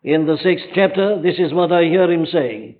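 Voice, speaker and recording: A man's voice: a little high, lively intonation, moderate pace, phone-quality sound. Impassioned man preaching in an echoing chapel. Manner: impassioned, pressing rhetorical questions. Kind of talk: sermon. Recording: thin archive sermon recording with long chapel reverb.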